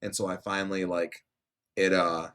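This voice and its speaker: A man telling a story in casual chat, animated and swearing freely. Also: normal speed, clean tone. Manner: animated, swearing, jumps into high voices quoting people. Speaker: podcast host.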